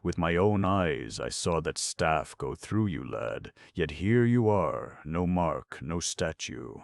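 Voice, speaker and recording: A man voicing a little red male djinn wizard, jolly, excitable and fussy in his exclamations. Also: low-pitched, slow, vocal fry, no echo, full character voice. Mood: agitated.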